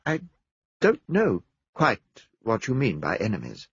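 A man reading an audiobook, voicing a composed young woman who answers in a crisp, matter-of-fact way. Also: fairly low pitch, huge pitch swings, measured pace, fairly bright tone, dry recording, muffled recording, exaggerated voice. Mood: guarded.

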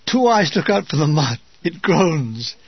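A man's voice: fairly high pitch, big pitch swings, measured pace, slightly rough, dry recording. An older British man with a wry, dry comic manner, reading his war memoir aloud. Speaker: memoir narrator. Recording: dull, dry lo-fi recording.

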